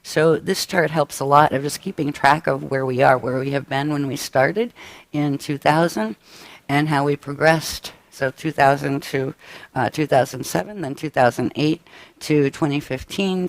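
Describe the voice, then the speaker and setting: A man presenting a live-stream workshop briefing, tired and coughing, with his voice giving out and frequent halting restarts. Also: a little high, no echo. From United States. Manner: tired, up all night.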